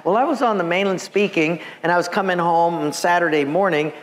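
A man from Hawaii, a pastor, preaching with lively storytelling and acted-out voices. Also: high voice, brisk. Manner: animated, acts out voices, laughs at himself. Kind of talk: sermon with storytelling. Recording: long church reverb, faint background noise.

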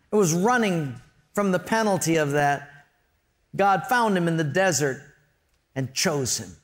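A man pastor preaching a sermon, storytelling with jokes and earnest emphasis. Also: high-pitched.

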